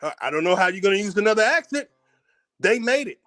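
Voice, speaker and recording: Combative high-voiced American man ranting. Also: lively intonation, fast, sharp tone. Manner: combative, profane, repeats words when worked up. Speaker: channel host. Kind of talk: heated commentary rant.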